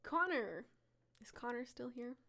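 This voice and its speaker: A woman's voice: fairly high pitch, expressive, measured pace, sharp tone. A woman hosting a live stream, reading viewers' character stories aloud and chatting with them, laughing often. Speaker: live-stream storyteller host.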